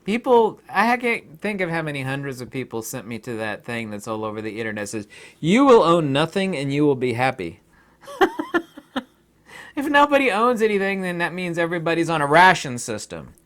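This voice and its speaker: A man's voice: fairly high pitch, sing-song, a little fast, fairly bright tone. A man hosting his own channel, talking in a rambling casual monologue, often laughing and acting out imagined exchanges. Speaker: YouTube channel host.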